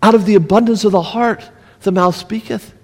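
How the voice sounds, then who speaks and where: A man preaching a sermon as pastor, animated, swinging from mocking mutters to loud exclamations. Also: high voice, fairly quick. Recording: reverberant hall.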